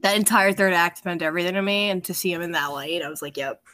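A woman guest on a casual podcast, talking in animated, fast rants packed with "like". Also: fairly low pitch. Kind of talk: casual chat.

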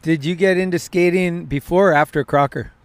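A relaxed man hosts a casual interview, tossing out short questions and laughing along. His voice is a touch high for a man. The sound is dry and close. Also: fairly quick, clean tone, no room sound.

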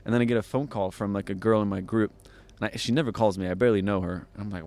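A young man from France, a podcast guest telling stories in a loose, lively way and acting out what people said. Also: lowish voice, rapid-fire. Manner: animated storyteller, acts out quoted voices. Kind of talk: casual storytelling.

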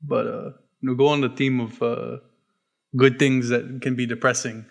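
A man's voice: mid-range voice, little pitch movement, moderate pace, creaky. A young man co-hosting a podcast who steers the casual conversation with dry wisecracks. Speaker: podcast co-host steering topics. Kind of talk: casual chat among friends.

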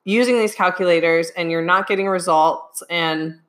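A woman's voice: on the low side, normal speed, fairly bright tone. Chatty young woman coaching on nutrition. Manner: chatty, emphatic, keeps asking "okay?". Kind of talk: live Q&A chat.

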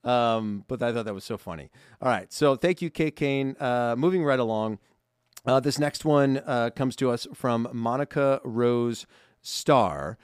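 A man co-hosting a podcast, chatting casually and telling a story in an animated way with lots of filler words. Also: mid-range voice, unhurried, smooth, no echo, studio quality. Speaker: podcast co-host. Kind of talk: casual chat.

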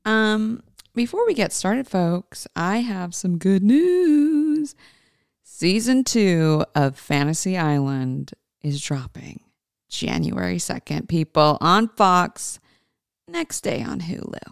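A woman hosts a podcast at an unhurried, easygoing pace, her lowish voice edged with a gravelly fry. She keeps it chatty and informal, speaking straight to her listeners. The sound is close and dry, with a smooth, resonant tone. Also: expressive, no echo. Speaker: podcast host. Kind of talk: casual podcast chat.

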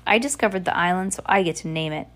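A woman's voice: fairly low pitch, quick pace, fairly bright tone, close to an everyday voice. Woman reader doing a pompous, sneering villain, bossy and contemptuous. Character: grandiose villainous count, sneering, bossy man.

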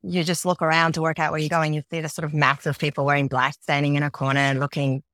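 Australian woman guest, low-pitched, blunt and candid, dry close mic. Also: fast talker, dry recording. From Iran. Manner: blunt and lively, restarts often. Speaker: chief creative officer, guest. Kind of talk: candid interview talk.

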